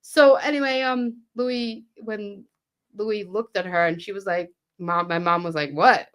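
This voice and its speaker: A woman's voice: mid-range voice, fairly even intonation, measured pace. A woman from Fall River, a podcast guest telling stories casually, swearing freely and acting out quoted dialogue. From Fall River, Massachusetts. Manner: frequent "um" and "you know what I mean". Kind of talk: casual storytelling.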